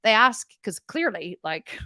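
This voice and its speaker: A woman's voice: medium pitch, big pitch swings, measured pace, bright, forceful tone, dry recording, clean studio sound. A woman diet coach answering viewer questions in a live Q&A, blunt and direct, often laughing and swearing jokingly.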